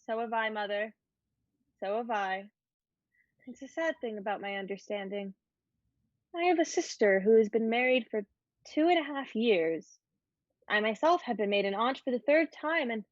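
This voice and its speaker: A woman's voice: a little high, dry recording. A woman voicing a curious, playful fourteen-year-old girl in an amateur online play reading, teasing and pleading by turns. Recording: dull lo-fi sound.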